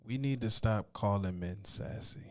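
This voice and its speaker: A man talking in casual podcast chat, weary and deadpan as he airs a complaint. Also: on the low side, normal speed. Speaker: podcast co-host.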